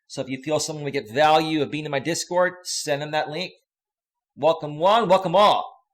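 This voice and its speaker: A man, a life coach, chatting casually on a live stream, reading out viewer comments with loud animated bursts and crude slang. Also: a little high, a little fast.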